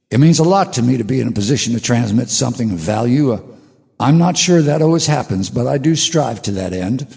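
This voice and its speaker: An older man hosting his own show, talking slowly through a reflective spiritual monologue with halting restarts. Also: medium pitch, gravelly, mellow, long reverb tail. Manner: slow, musing, with halting restarts. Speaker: radio show host.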